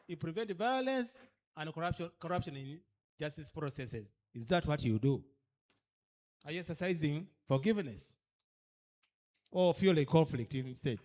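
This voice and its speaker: A man's voice: fairly high pitch, lively intonation, moderate pace, a little mellow. Emphatic Ugandan man lecturing. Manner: emphatic, fires repeated rhetorical questions at the audience; mixes English with a local language. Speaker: speaker at a cultural leaders' orientation. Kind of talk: training lecture.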